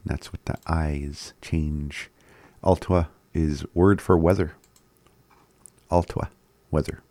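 A man giving a casual language lesson, slowly repeating words and chuckling often. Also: very deep voice, steady tone, dark tone, no room sound. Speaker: language teacher.

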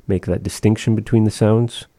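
A man's voice: fairly low pitch, steady tone, moderate pace, warm tone, no room sound. A man giving a patient one-on-one language lesson, carefully modeling and repeating pronunciations. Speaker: language teacher.

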